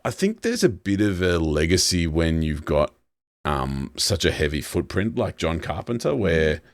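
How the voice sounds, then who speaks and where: A man's voice: sits low, very animated, a little slow, no room sound, clean studio sound. A man co-hosting a podcast, wry and rambling, drifting into self-deprecating asides. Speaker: podcast co-host. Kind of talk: casual chat.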